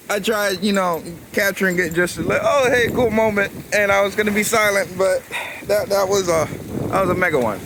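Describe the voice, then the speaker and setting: A man's voice: high voice, normal speed, pauses often. Laid-back young man on windy shore. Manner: rambling and laid-back, slangy with "bro" and "man". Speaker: vlogger. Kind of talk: casual chat to camera. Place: outdoors crouched on a rocky coastline by crashing waves. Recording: wind noise and loud surf.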